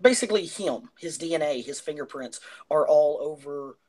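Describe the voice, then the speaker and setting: A man's voice: on the high side, lively intonation, moderate pace, darkish tone, low-quality recording. A man co-hosting a casual film podcast, retelling a plot at length with many fillers and restarts. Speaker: podcast co-host.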